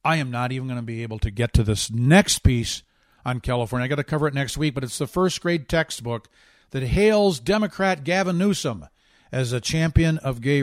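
A man's voice: mid-range voice, dry recording, studio quality. A man hosting a talk radio show, delivering a fervent, emphatic political monologue with a preachy edge, a bit out of breath.

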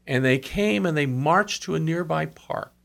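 Guy telling old revival stories, kinda gravelly, voice sits a bit high. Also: normal speed, fairly bright tone. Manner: earnest storyteller, quotes others, brief asides. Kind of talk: storytelling in conversation.

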